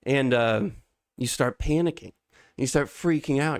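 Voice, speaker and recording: A man's voice: mid-range voice, measured pace, no echo, clean studio sound. A man co-hosting a podcast who tells stories vividly, in a casual chatty way. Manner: vivid storyteller, acts out panicked and calm voices in his telling. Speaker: podcast co-host. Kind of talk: casual podcast chat with a dramatic monologue.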